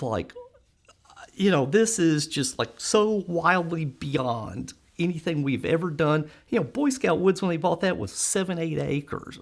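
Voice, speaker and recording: Middle-aged man, fairly high voice, lively storyteller in a sit-down interview. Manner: animated storyteller, acts out quoted voices, laughs often.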